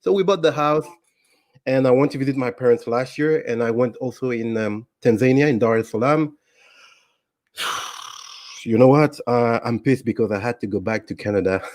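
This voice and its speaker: A man as an interview guest, telling a personal story in a casual, relaxed way with frequent ums and restarts. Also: mid-range voice, normal speed, no echo.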